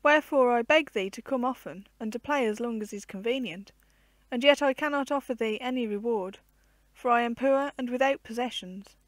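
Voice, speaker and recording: A woman's voice: a little high, moderate pace, no room sound, natural voice. A woman voicing an aged, lonely, poor male hermit who clings to life, in solemn old-fashioned storybook speech.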